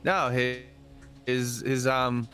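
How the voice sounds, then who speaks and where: A man's voice: mid-range voice, little pitch movement, slow, sharp tone, soft background music. A man playing a tabletop game, playful and prone to repeating words in runs. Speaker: player.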